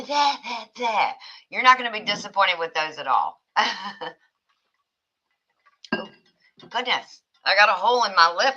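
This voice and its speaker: A woman's voice: on the low side, pushed and bright. Chatty woman hosting a lo-fi livestream. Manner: chatty, reads viewer comments aloud, laughs often. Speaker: livestream host. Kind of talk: casual livestream chat.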